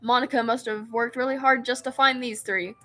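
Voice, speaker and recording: A woman's voice: a little high, fairly even intonation, a little fast, a bit bright, faint music behind. A woman streamer reading a visual novel aloud, narrating in first person and breaking off into giggly, self-mocking asides.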